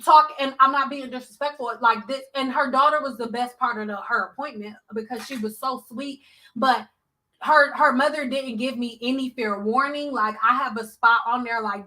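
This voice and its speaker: A woman hairstylist telling a blunt, animated storytime, acting out the people she quotes. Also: on the high side, normal speed, poor audio. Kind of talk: storytime vlog.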